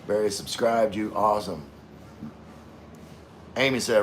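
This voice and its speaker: A man's voice: lowish voice, moderate pace, long pauses. A man hosting a casual livestream, reading chat messages aloud in a laid-back, slangy, rambling way while having a few drinks.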